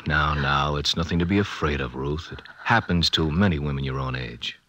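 An actor playing a grave, measured family doctor who reassures his patient, in a 1950s educational film. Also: sits low, expressive, fairly bright tone, husky, exaggerated voice. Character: calm grave family doctor, middle-aged man. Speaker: doctor in a dramatized scene.

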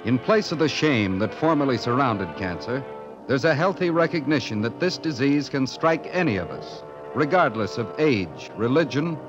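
Solemn 1950s documentary narrator. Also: male voice, medium pitch, expressive, normal speed. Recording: dull lo-fi old film soundtrack with music.

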